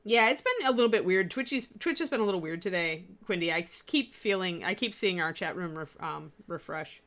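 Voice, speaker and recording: A woman with a fairly low, expressive voice and a fairly bright tone talks fairly quickly. On a livestream about miniature painting that she co-hosts, she rambles chattily, using many fillers, and replies to viewer comments.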